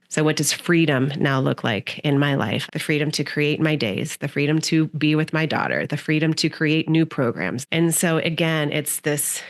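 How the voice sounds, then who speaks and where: Woman speaking softly and spiritually, rather low. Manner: flowing, spiritual, dreamy phrasing. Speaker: guest, creative coach. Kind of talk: podcast conversation.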